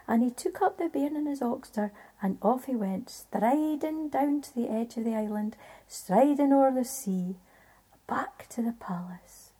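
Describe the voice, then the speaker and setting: A woman storyteller with a Scottish accent, telling a folk tale in a hushed, half-whispered way. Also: fairly high pitch, expressive, a little slow, husky.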